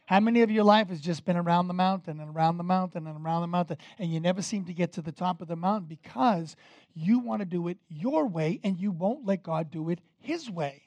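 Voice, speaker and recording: Emphatic preacher with a dry sound. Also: male voice, high-pitched, brisk, no echo, dull audio. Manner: emphatic, rises and falls in loudness, talks straight to the congregation. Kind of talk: sermon.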